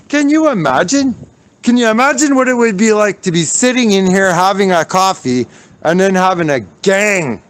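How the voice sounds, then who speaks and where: A high-voiced man livestreams while walking outdoors downtown, ranting furiously and swearing. There's slight background noise in this angry walking stream.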